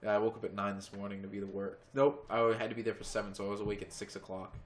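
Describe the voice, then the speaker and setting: A man's voice: on the low side, flat delivery, rapid-fire, slight background noise. A young man co-hosting a casual podcast, rambling and joking while drinking a beer. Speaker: podcast co-host. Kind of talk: casual chat.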